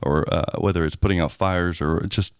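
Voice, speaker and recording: A man's voice: sits low, steady tone, normal speed, smooth, no echo, clean studio sound. A man co-hosting a podcast in casual chat, candid, rambling and joking. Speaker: podcast co-host.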